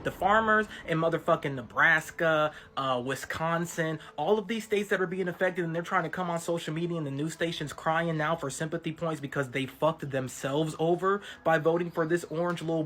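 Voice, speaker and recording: A man's voice: a little high, pushed and bright. A man with a slightly raised voice rants bluntly and dismissively, swearing through most lines. Faint noise runs in the background of the recording. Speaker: commentator. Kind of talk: angry reaction rant.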